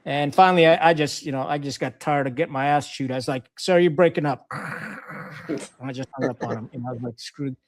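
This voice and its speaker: A man's voice: medium pitch, brisk. A middle-aged man from Pakistan, a retired Marine officer, telling war stories casually and bluntly, acting out the dialogue. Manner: lively storyteller, acts out quoted dialogue, blunt and profane.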